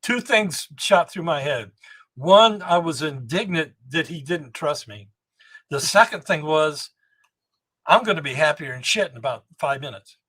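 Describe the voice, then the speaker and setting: A man in his seventies, a guest on a podcast, telling rambling, animated anecdotes about engine building and often restarting his sentences. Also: a little high, measured pace. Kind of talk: storytelling podcast interview.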